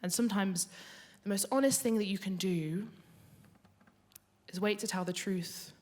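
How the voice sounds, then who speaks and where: A woman's voice: mid-range voice, moderate pace. A young woman telling a comic, confessional story onstage at a live storytelling event. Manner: comic, confessional, builds to punchlines.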